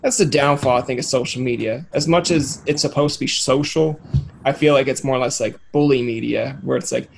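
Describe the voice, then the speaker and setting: A man's voice: medium pitch, fairly quick, creaky, slight background noise. A man hosting a casual interview, rambling and joking, often acting out other people's voices. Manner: rambling, jokey, acts out quoted voices. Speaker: podcast host.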